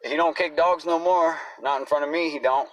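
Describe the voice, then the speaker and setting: A man's voice: fairly high pitch, steady tone, a little fast, no echo. Man ranting from a distance. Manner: agitated, blunt, swears often. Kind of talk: casual profane rant to camera.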